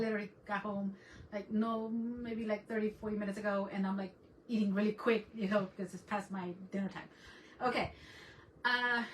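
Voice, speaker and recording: Excited woman hosting a craft livestream. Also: mid-range voice, distant mic, slight background noise, poor audio. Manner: excited, greets viewers in Spanglish. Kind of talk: casual livestream chat. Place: home craft space.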